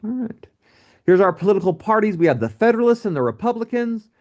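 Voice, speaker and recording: Guy teaching history, super animated voice jumping up and down, jokey and casual. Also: high-pitched, quick pace. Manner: casual, joking, lively asides to students. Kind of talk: recorded history lecture.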